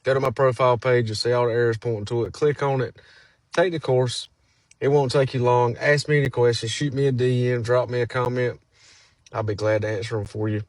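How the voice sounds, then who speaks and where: Man, dry close sound, persuasive motivational vlog pitch. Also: flat delivery, brisk, no echo. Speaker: online marketer. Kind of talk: casual selfie vlog pitch.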